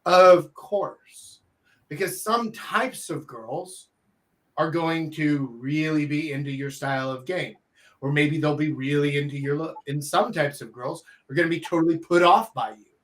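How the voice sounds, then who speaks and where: A man's voice: on the high side, a little slow. A man hosting a casual talk show, giving dating advice and acting out quoted reactions with emphasis. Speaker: podcast host and dating coach.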